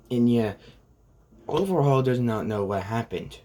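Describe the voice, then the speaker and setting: A man's voice: mid-range voice, animated, a little slow, dark tone. A man casually retelling a fan-made story in a rambling way, full of fillers. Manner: rambling, full of "like" and "pretty much".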